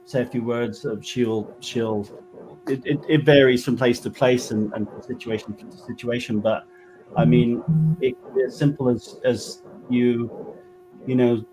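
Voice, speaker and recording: A man from England with a West Country accent speaks as a guest medium in a casual interview, his delivery halting and packed with fillers and restarts. His voice sits at medium pitch, steady and dark in tone. The audio is poor, with a slight hiss or hum.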